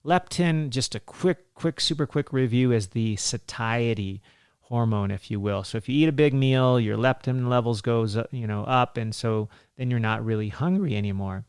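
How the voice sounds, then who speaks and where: A man in his forties, a physician, hosts a health podcast in a mid-range voice at normal speed. He chats casually, laughing often and using lots of fillers. The studio-quality recording is clean, with no echo.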